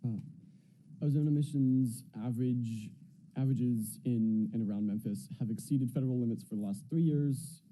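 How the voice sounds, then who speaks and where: A man's voice: medium pitch, normal speed, warm tone, poor audio. A teenage boy giving a class presentation, reading carefully with some hesitation. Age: teens. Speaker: student presenter. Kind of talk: student presentation.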